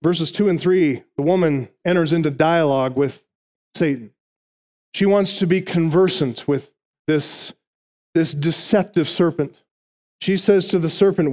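Emphatic male preacher, higher voice. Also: moderate pace, a little mellow. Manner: emphatic, numbered points, voices quoted speech. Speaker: pastor. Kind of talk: expository sermon.

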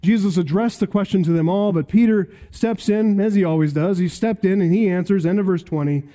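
A man preaching an expository sermon, emphatic, slowing down to stress key phrases and building to punchy lines. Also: high-pitched, warm tone. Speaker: pastor.

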